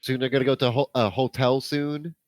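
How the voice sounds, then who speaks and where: A man's voice: mid-range voice, fairly quick, no room sound. A man co-hosting a movie podcast, casually riffing and tossing out jokes. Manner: joking, riffing with deadpan gags. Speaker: podcast co-host.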